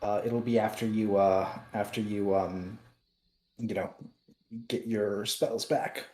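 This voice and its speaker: A man's voice: lowish voice, fairly even intonation, slow, dark tone. A man playing a tabletop game, rambling with lots of fillers. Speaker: player. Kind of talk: casual tabletop game chat. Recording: echoey room.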